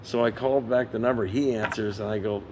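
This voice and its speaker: Man, sixties, fairly low voice, interview guest, animated storyteller, faint background noise. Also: quick pace. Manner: lively raconteur who acts out others' lines. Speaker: interview guest, session guitarist. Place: museum interview set.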